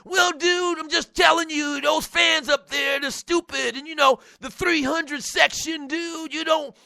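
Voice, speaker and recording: An excitable young guy caller, put on by a man, drawls warnings and leans on the word "dude." The voice sits up high and sounds bright and edgy. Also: unhurried, vocal fry, dry recording, heavily acted.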